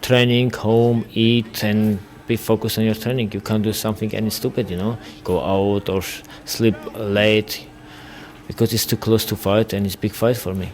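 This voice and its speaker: A man's voice: fairly low pitch, flat delivery, normal speed. A man with an Armenian accent, a boxer speaking broken English bluntly and confidently as an interview guest. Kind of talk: casual interview.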